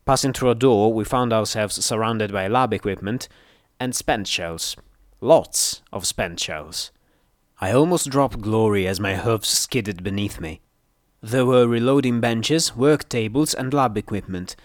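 A man with a low voice reading a first-person adventure story, brisk and earnest in the tense dialogue. The read is close-miked and dry, with no room sound. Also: no echo. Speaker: narrator.

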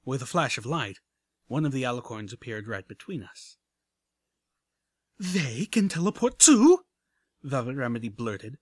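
A man's voice: mid-range voice, no room sound. A man reading a first-person action story aloud with dramatic narration. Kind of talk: audiobook reading of fan fiction.

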